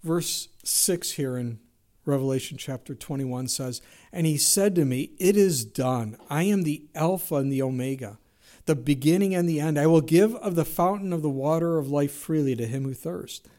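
A man's voice: on the high side, moderate pace, dark tone. A man preaching a sermon, telling an illustrative story with earnest delivery and quoting scripture. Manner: earnest storytelling, quotes scripture, asks rhetorical questions.

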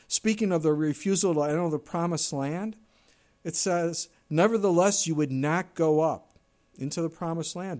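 Preaching in a conversational style, this middle-aged pastor has a fairly high, darkish voice and occasionally mimics whiny complaints in a raised voice.

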